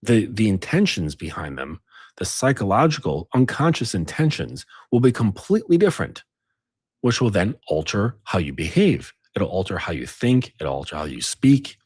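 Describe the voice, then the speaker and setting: Male coach, low husky voice, lively pitch, dry close sound. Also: moderate pace, dry recording. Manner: insistent, repeats tag questions. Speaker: dating coach. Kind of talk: casual advice monologue.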